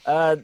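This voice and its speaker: A man on a live talk show, telling a rambling, self-deprecating anecdote in casual chat. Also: no room sound. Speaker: guest.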